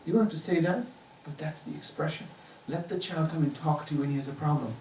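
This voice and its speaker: A man's voice: on the high side, quick pace, darkish tone, slight background noise. A middle-aged man giving an impassioned religious lecture in a private home, pressing his points with emphatic rising questions. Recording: roomy echo, distant from the mic.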